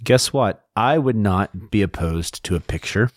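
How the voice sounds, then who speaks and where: A man's voice: on the low side, animated, measured pace, no echo, studio quality. A man co-hosting a podcast, trading wry, self-mocking jokes in casual chat. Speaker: podcast co-host.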